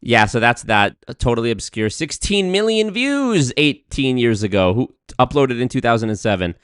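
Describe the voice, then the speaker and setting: A man doing casual, joking live-stream commentary, profane and swinging between loud rants and muttered asides. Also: mid-range voice, very animated, normal speed, clean tone, no room sound, studio quality. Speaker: streamer reacting to clips.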